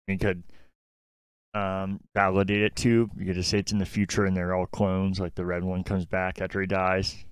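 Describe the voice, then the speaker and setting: A man co-hosting a gaming podcast in casual chat, relaxed and thinking out loud. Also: sits low, normal speed, smooth, no echo, studio quality. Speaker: podcast co-host.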